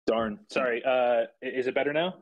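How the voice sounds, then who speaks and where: A young man giving tactics to his team over casual voice chat, talking in halting bursts with many fillers and restarts. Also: mid-range voice, lo-fi sound, a little hiss or hum. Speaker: squadron leader and streamer.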